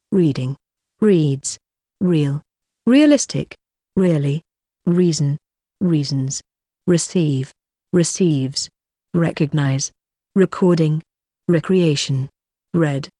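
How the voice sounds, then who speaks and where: Slow, mellow woman reading a word list. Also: low voice, slightly rough, no room sound, studio quality. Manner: slow, evenly paced, one word at a time.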